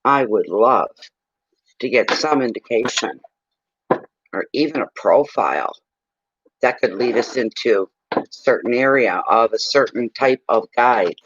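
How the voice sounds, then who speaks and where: A man's voice: medium pitch, lively intonation, measured pace, long pauses, a bit bright, highs cut off, a little hiss or hum. A man doing a casual livestream tarot reading, telling blunt, salty stories between questions. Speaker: tarot reader.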